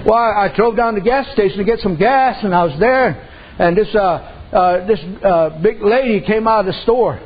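A man's voice: high-pitched, moderate pace, slightly rough, muffled recording. A man preaching a sermon in a folksy, colloquial storytelling way.

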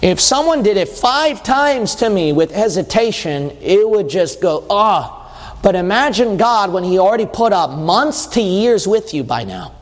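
Male preacher, high voice, emphatic, drawn-out stresses then fast runs, church hall with long reverb. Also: very animated. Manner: emphatic, asks the listeners questions; shifts between slow stresses and quick bursts. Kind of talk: sermon.

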